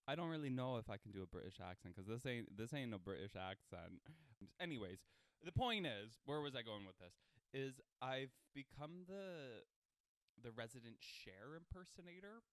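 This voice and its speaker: Young canadian dude rambling on his podcast, smooth clear voice, kinda self-deprecating. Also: medium pitch, animated, moderate pace, dry recording. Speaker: podcast host. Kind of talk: casual solo chat.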